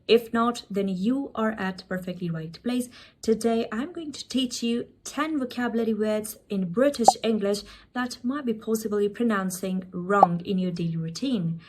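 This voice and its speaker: A woman's voice: medium pitch, slight background noise. A woman teaching English pronunciation, modelling words one at a time and asking the listener to repeat after her. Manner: repetitive drill, modelling words slowly. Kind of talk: pronunciation lesson.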